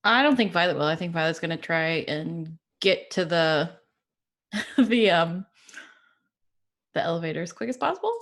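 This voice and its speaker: A woman playing in a tabletop game, lively and quick to laugh, often checking the rules with questions. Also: on the low side. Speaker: player. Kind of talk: casual tabletop game chat.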